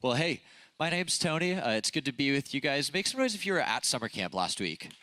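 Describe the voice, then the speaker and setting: A man's voice: medium pitch, very animated, brisk, pushed and bright, dry recording. A young man with a nasal voice from a broken nose, giving a casual, chatty youth sermon full of fillers and self-deprecating stories. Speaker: youth pastor. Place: church youth service stage.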